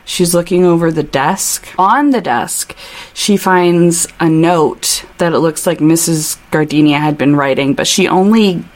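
A chatty woman co-hosting a casual book podcast, trading quick asides and giggles. Her voice sits a little low for a woman. She keeps an easy, loose conversational flow. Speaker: podcast co-host. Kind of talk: casual book-club chat with read-aloud passages.

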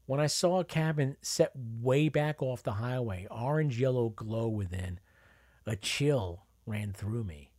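A man's voice: medium pitch, measured pace, darkish tone, dry recording, clean studio sound. A man narrating a memoir in a wry, conversational storytelling manner. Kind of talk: memoir reading.

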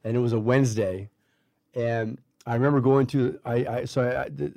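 A man's voice: medium pitch, fairly even intonation, fairly quick, creaky, dark tone, no room sound, studio quality. A middle-aged man casually telling a long story, with many restarts and fillers, acting out what people said. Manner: rambling, many restarts and fillers, acts out quoted voices. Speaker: guest telling a life story.

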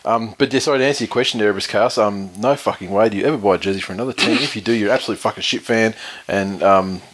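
Male podcast host, husky voice, rapid, swears a lot. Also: on the low side, fairly bright tone. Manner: rapid, profane, rambling. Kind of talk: casual podcast banter.

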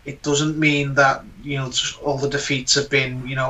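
Man, pundit guest, earnest, restarts a lot, steady level delivery, sharp tone. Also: medium pitch, unhurried. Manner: earnest, many fillers and restarts. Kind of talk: casual opinion chat. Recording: voice distant from the mic.

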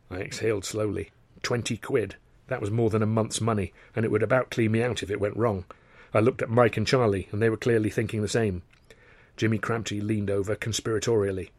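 A man's voice: lowish voice, fairly even intonation, fairly quick, no room sound. Wry male audiobook narrator, dry sound. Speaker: author and narrator.

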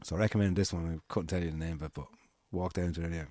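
A man's voice: deep voice, steady tone, rapid-fire, a little mellow, no echo. A man with an Irish accent telling a long, rambling anecdote in casual chat, acting out the quoted lines and swearing freely.

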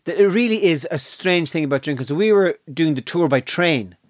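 An Irish speaker with a mid-range voice, telling lively and sweary travel anecdotes in a casual chat. The sound is close and dry. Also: medium pitch, brisk, no echo.

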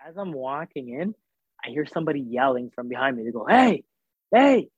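A man's voice: mid-range voice, fast talker, breathy edge, dry recording. Man, casual storyteller, acts out voices, phone-like sound, dry. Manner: animated, acts out quoted voices, filler-heavy.

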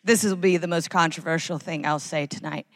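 A woman's voice: sits low, fairly even intonation, brisk, in a large hall. Sardonic woman doing stand-up. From United States. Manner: sardonic, mimics voices. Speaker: stand-up comedian. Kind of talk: live stand-up comedy. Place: large concert hall with live audience.

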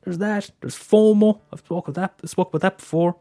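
A man's voice: high voice, moderate pace, warm tone, dry recording, clean studio sound. A young Irish man hosting a casual solo podcast, talking candidly with frequent swearing and stammered restarts. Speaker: podcast host.

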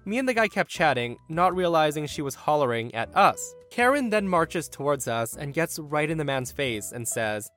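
A man with a slightly raised voice tells a story on his podcast, getting animated and indignant as he acts out what people said. Faint music plays softly behind him. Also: a little high, moderate pace, few pauses. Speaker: podcast host. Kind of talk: storytelling narration.

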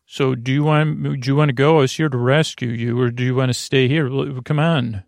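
Brief: man playing a hurried young hero on a jailbreak, pushy and urgent, gravelly tone. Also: mid-range voice, steady tone, no echo, lightly acted.

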